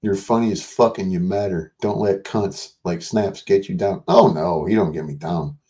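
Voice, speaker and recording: A man's voice: sits low, normal speed, mellow. An older man hosting a livestream, rambling casually and profanely while reading and answering chat messages. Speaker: livestream host.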